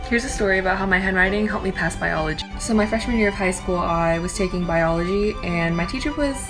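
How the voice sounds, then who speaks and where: A woman's voice: medium pitch, quick pace. Young woman, chatty storytime delivery, backing music audible under her voice. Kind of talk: casual storytime to camera.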